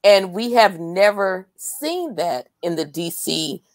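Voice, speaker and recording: A woman chatting casually in a movie review, measured and knowing with a teasing edge. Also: lowish voice, animated, dry recording. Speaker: podcast co-host. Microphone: video call.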